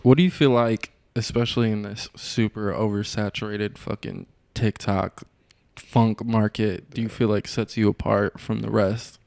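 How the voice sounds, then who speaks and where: A man's voice: on the low side, fairly even intonation, moderate pace, vocal fry, darkish tone, dry recording. A man hosting a podcast, asking casual interview questions, cursing loosely and filling with "like". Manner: casual, swears freely, fills with "like". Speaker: podcast host.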